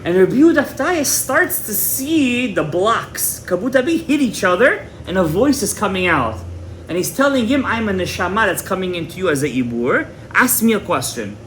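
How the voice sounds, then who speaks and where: A man's voice: sits high, very animated, normal speed, fairly bright tone, a little hiss or hum. A man teaching a Torah class as a rabbi, retelling a story dramatically, repeating words and mixing in Hebrew terms. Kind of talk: animated storytelling lecture.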